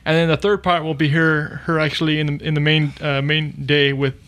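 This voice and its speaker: A man co-hosts a casual podcast and passes on film rumors at a quick clip. His voice sits slightly high, and his talk is relaxed and full of hesitant fillers. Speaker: podcast co-host. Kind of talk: casual chat about comics and films.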